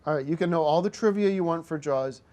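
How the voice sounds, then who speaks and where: A man's voice: on the high side, fast talker, dark tone. A man hosting a show, angrily berating and swearing at a co-host. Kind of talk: heated on-air argument.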